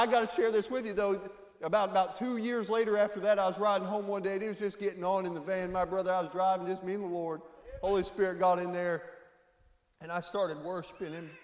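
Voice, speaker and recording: A man from Florida preaching an emotional testimony sermon as guest preacher, dropping to a hush and rising to loud cries. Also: sits high. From Florida, USA. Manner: emotional, swings from hushed to loud exclaiming. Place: church sanctuary. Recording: echoey church hall, long reverb.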